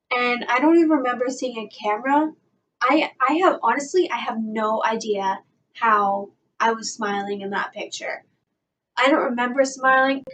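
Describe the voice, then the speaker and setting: A young woman telling an excited fan story in a vlog, gushing and breathless, full of "like" and "guys". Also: on the high side. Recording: voice a bit far from the mic, faint background noise.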